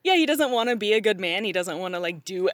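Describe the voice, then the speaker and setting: A woman's voice: medium pitch, animated, fast, no room sound. A woman in casual chat, ranting in exasperation and laughing often.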